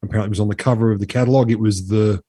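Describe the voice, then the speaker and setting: A man's voice: lowish voice, steady tone, rapid-fire, dark tone, husky, dry recording, studio quality. A man co-hosting a podcast, telling a story in a chatty, swearing, casual way. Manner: chatty, swears freely, drops into mock voices. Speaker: podcast co-host.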